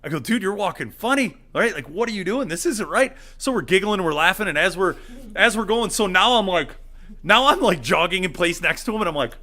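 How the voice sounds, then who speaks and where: A man's voice: high-pitched, lively intonation, brisk, bright, forceful tone. A man in his thirties, a co-host telling a story in casual chat, laughing and acting out the voices of the people in it. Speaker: podcast co-host.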